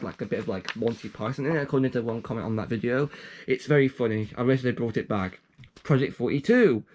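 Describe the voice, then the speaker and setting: A man's voice: mid-range voice, darkish tone. A young man casually reading out his own joke documents, rambling and trailing off with self-aware asides. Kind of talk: casual commentary.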